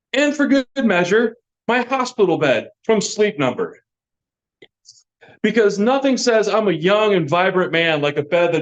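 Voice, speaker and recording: Dry, self-mocking man doing stand-up. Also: sits high. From Michigan. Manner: dry, self-deprecating joke delivery. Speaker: stand-up comedian. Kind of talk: stand-up set. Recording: dull, lo-fi sound.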